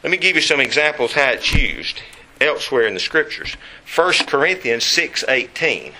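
A man preaching a Bible lesson, emphatic and slowing down to stress key words. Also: medium pitch, very animated, bright, forceful tone.

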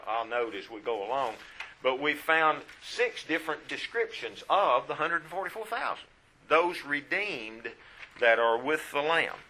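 Male Bible teacher, bright clear tone, instructive and self-correcting. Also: mid-range voice. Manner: instructive, stops to correct himself.

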